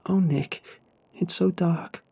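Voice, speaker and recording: A man voicing the ghost of a dead mother, cold and unwavering in a raised, husky voice. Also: steady tone, slow pace, warm tone, full character voice. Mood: desperate, eerie. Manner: cold and unwavering, rising pitch.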